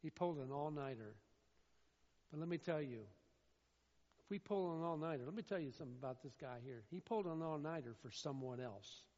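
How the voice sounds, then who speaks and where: A man preaching a sermon, swinging between loud, emphatic declaiming and quieter asides. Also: fairly high pitch, a little fast. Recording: dull sound in a reverberant hall.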